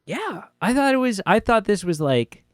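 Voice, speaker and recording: A man's voice: high-pitched, sing-song, no room sound, studio quality. A Canadian man co-hosting a podcast, chatting casually and jokingly about a film. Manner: joking, acts out quick silly voices. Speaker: podcast co-host. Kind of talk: casual film review chat.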